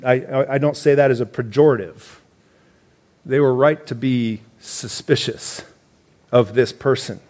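A man serving as church elder preaches a sermon in a mid-range voice. His delivery is conversational and explanatory, with animated emphasis.

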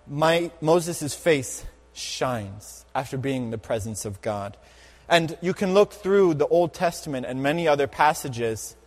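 Emphatic preacher in a reverberant hall. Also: male voice, sits high. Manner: emphatic, slows and repeats key phrases. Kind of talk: sermon.

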